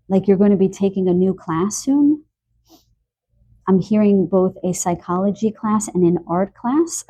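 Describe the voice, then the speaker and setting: A woman giving an intuitive love card reading, musing aloud with soft laughs and a slightly stuffy nose. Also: on the low side, no room sound. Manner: musing, stream-of-consciousness, frequent soft laughs. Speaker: tarot card reader.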